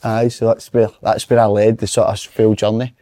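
A man's voice: lowish voice, flat delivery, normal speed, warm tone, dry recording. Chill scottish guy telling travel stories, dry mic. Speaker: podcast panelist. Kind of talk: casual banter.

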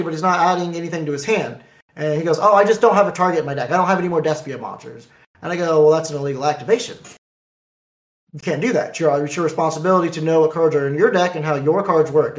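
Man animated retelling in an echoey room. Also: on the high side. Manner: animated, acts out dialogue in quotes. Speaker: card game player. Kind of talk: casual storytelling.

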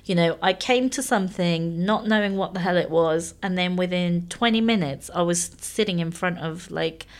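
A woman's voice: fairly low pitch, normal speed. A woman, animatedly telling a story in casual chat and laughing often.

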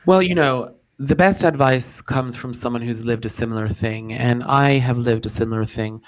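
A man co-hosting a comedy show in a mock-earnest persona. He delivers his lines with deadpan seriousness. His pitch sits in an everyday middle range. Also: moderate pace. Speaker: co-host in a comic persona. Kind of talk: deadpan comic role-play.

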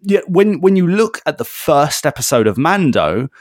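A man's voice: a little high, very animated, normal speed, dry recording, clean studio sound. A man co-hosting a podcast, chatting casually and animatedly, often repeating himself as he gathers his thoughts. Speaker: podcast co-host. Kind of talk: casual chat.

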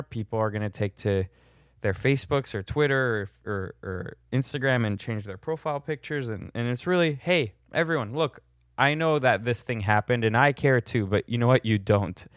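A young man with a low, clear, resonant voice casually answers viewer questions in a monologue, bluntly and sardonically, chuckling at his own jokes. The studio-quality recording has no echo.

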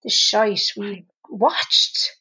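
A woman co-hosting a casual chat, blunt and quick to swear, with short reactions. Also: medium pitch, pushed and bright, husky, poor audio.

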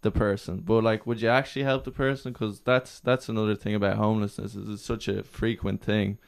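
A man's voice: lowish voice, brisk, creaky, clear, resonant tone. A man chatting casually on a podcast, telling a story and acting out the people in it. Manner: animated storyteller acting out quotes. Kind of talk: casual chat, anecdote.

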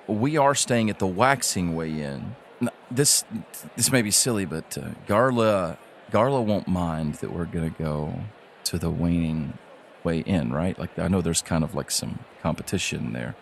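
A fretful dwarf king and doting father, played by a man, hesitant and stumbling over his words in a tabletop game. The voice sits low. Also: lively intonation, normal speed, creaky, slight background noise. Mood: friendly. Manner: hesitant, full of ums and uhs.

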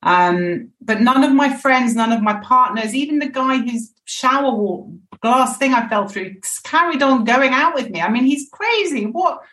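A woman's voice: sits high, lively intonation, normal speed, hardly any pauses, a bit bright, reverberant. A woman in her forties, a podcast guest talking candidly and reflectively in casual conversation.

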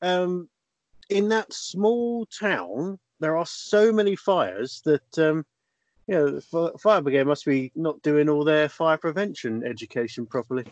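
Man, slow and animated, dry close sound, witty podcast co-host. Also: a little high, dry recording, lo-fi sound. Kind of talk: casual comedic chat.

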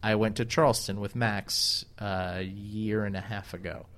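A man's voice: on the low side, steady tone, normal speed, fairly bright tone. A man co-hosting a casual chat, rambling and hedging with many fillers and restarts. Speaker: podcast co-host.

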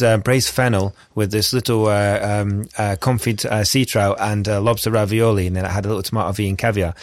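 A Scottish man, a chef, telling stories in casual chat, excitable and swearing freely. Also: lowish voice, no echo. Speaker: chef guest.

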